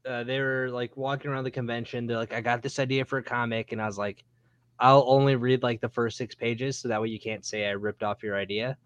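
A man's voice: mid-range voice, steady tone, brisk, clean tone, no echo, muffled recording. A man who creates comics, guesting on a podcast and telling laid-back anecdotes in which he acts out the dialogue. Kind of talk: casual chat.

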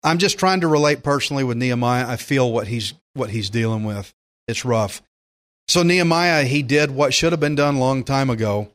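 A man's voice: medium pitch, normal speed, a bit bright. An older man teaching through the Bible as a pastor, folksy and emphatic, acting out quotes as he goes.

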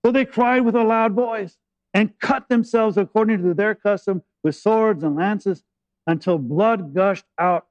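A man preaching a sermon with a high voice, retelling a scripture story in a lively, joking way. The sound is dry and a little muffled. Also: dry recording. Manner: animated storytelling preacher, paraphrasing scripture with humor. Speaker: pastor.

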